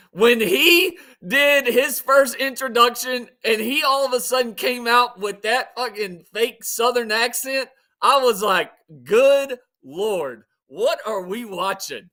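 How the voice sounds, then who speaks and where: A man's voice: very high voice, slow, sharp tone. A man guesting on a sports talk show, blunt and profane with a mocking edge.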